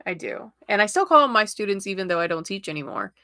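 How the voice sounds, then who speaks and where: A woman's voice: mid-range voice, sing-song, quick pace, pushed and bright, no room sound, studio quality. A middle-aged woman from Florida, a tarot reader chatting casually on her livestream and laughing often.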